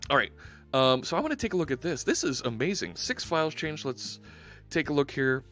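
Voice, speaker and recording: A man's voice: fairly high pitch, big pitch swings, brisk, a bit bright, soft background music. A man hosting a live coding stream, chatting casually and upbeat, rambling and restarting his sentences. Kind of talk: casual livestream chat while coding.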